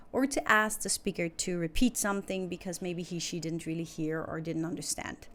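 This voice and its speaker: Patient woman teaching English. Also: medium pitch. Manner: clear, patient, explaining step by step. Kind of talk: recorded online lesson.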